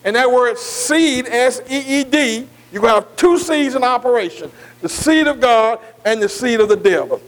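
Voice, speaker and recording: High-voiced preacher spelling out words. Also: male voice, poor audio. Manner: spells out key words letter by letter, slowly; asks the congregation "am I right?" again and again. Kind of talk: sermon.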